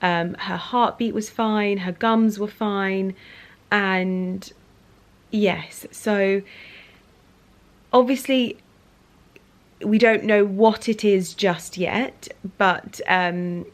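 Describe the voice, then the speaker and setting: A woman's voice: mid-range voice, fairly even intonation, extremely slow, long pauses. A woman chatting casually to camera as a vlogger, talking in an emotional way with plenty of fillers and restarts. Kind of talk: casual vlog chat to camera.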